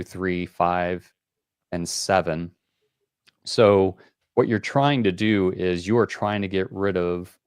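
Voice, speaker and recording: A man's voice: low-pitched, a little mellow, clear, resonant tone, dry recording, studio quality. A man hosting a board game call-in show, explaining rules in a rambling, casual way with many fillers.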